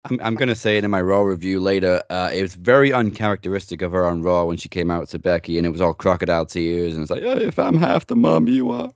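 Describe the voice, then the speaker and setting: A man hosting a casual wrestling news podcast, opinionated and quick to swear in passing. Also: low-pitched, steady tone, clear, resonant tone, dry recording, muffled recording. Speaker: host.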